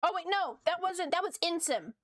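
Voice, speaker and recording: Casting: young woman streamer, high voice, chatty and giggly, dry close mic. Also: animated, moderate pace, a bit bright, no echo. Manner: giggly, chatty, reads chat aloud. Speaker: art streamer. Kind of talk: casual stream chat.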